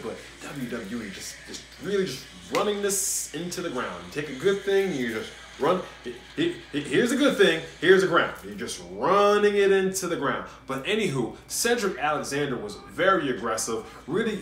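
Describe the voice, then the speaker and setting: A man's voice: medium pitch, a bit bright. A man hosting a casual wrestling review, talking animatedly and repeating himself when he gets worked up. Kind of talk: casual solo review commentary. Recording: echoey room with faint noise.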